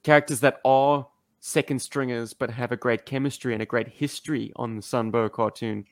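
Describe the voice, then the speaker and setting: Wry podcast co-host, dry close sound. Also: male voice, mid-range voice, fairly even intonation, normal speed, no echo. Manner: wry, earnest, laughs often. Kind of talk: casual podcast chat.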